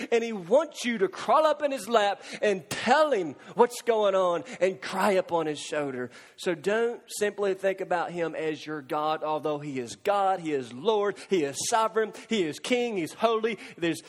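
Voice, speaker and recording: Impassioned preacher man, high voice, big hall. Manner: impassioned, swings from loud pleading cries to hushed near-whispers. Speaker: pastor. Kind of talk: sermon.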